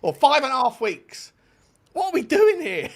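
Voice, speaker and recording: A man's voice: very high voice, very animated, normal speed. A man hosting a football fan show, chatting casually in an exasperated, joking way with some swearing. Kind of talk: casual chat.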